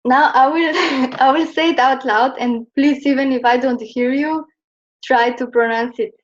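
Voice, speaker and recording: With a high voice, a steady tone and a measured pace, a woman from Slovenia coaches students on Chinese pronunciation via video call. She patiently repeats each sound for them. The call audio is muffled.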